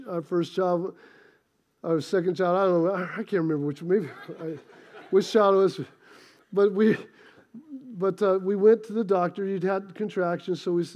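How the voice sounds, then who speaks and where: A man preaching a sermon, telling stories with animated swings from loud outbursts to quiet asides. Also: sits high. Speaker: pastor.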